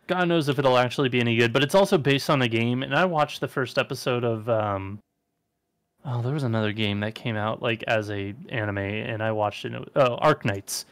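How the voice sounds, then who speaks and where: A man's voice: mid-range voice, moderate pace, no room sound. A man co-hosting a casual chat podcast, talking in an offhand, wry way and swearing casually. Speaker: podcast co-host.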